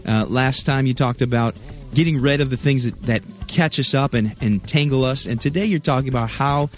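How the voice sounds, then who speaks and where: Guy hosting a radio show, calm and measured, mid voice, light music behind. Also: mid-range voice. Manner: calm, measured, introducing and prompting. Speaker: radio host.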